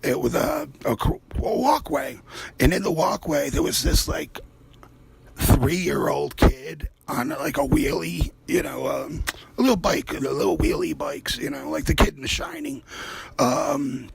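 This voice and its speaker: A man's voice: a little high, very animated, unhurried, vocal fry, breathy edge. A man hosting his own art show, talking in a rambling, profane, casual monologue while he paints and drifting from one aside to the next. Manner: rambling, profane, swears freely; drifts between topics in loose asides. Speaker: artist and show host.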